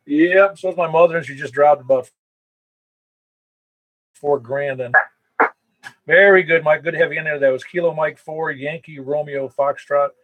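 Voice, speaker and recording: A man's voice: fairly high pitch, fairly even intonation, moderate pace, pauses often, phone-quality sound. A man acting as net control on a ham radio net, chatting casually and rambling with self-corrections. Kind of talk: casual on-air radio chat.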